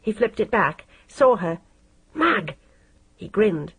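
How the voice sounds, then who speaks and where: A woman narrating an audiobook in a steady, measured reading style. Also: medium pitch, breathy edge, poor audio. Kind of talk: scripted narration.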